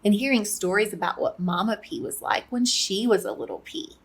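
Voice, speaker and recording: A woman running a kids' cooking lesson and reading a children's story aloud with an expressive storyteller's delivery. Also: medium pitch, brisk, slightly rough. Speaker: cooking and reading teacher for kids.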